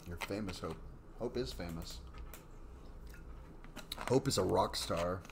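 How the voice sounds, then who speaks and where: Low-voiced rambling stream host. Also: male voice, slow, vocal fry, background noise. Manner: rambling and apologetic, with many fillers. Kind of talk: casual live stream chat and story reading.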